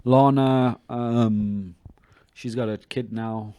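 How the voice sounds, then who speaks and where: A man's voice: medium pitch, fairly even intonation, extremely slow, warm tone, lo-fi sound. A man from South Africa co-hosting a comedy podcast, talking casually with lots of fillers and some swearing. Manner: hesitant, filler-heavy, profane. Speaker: podcast co-host.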